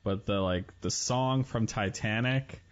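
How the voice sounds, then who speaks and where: A man's voice: lowish voice, a little slow, highs cut off. A man co-hosting a casual podcast chat, joking and laughing often. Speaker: podcast co-host.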